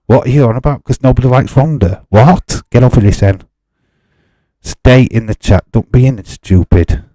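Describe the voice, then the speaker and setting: A man's voice: mid-range voice, normal speed, warm tone, no room sound. A man hosting a live stream, chatting casually with his viewers and arguing with them in an exasperated way, laughing often.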